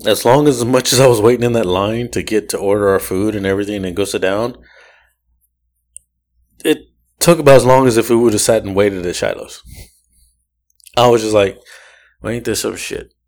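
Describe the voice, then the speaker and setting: A man with a fairly low-pitched voice tells a rambling story on a casual podcast. He swears freely, laughs between lines and jumps into quick impressions of the people he ran into. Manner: animated, profane, laughs often, mimics people in his story. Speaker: podcast host.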